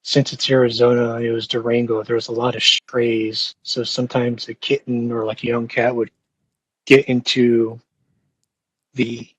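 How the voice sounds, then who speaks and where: A man's voice: mid-range voice, slightly rough, no echo, lo-fi sound. A young man telling a rambling, profane story with lots of fillers and restarts in casual podcast talk. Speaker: podcast host.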